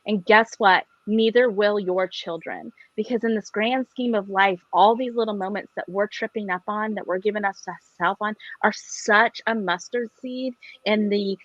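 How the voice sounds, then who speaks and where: A woman in her forties speaking forcefully and repeating words for emphasis on a panel. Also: medium pitch, normal speed, few pauses, dry recording, highs cut off. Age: 40s.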